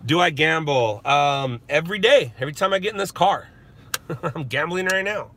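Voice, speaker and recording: A man's voice: on the high side, animated, normal speed, a bit bright. Chatty man streaming from his car. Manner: joking, chatty, laughs often. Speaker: news stringer and streamer. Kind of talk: casual live-stream chat. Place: inside a parked car. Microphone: phone.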